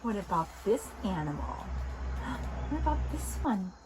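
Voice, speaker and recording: A woman hosting an interactive lesson for toddlers, talking directly to small children in an animated, coaxing way. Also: mid-range voice, normal speed, noisy background. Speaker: children's video host.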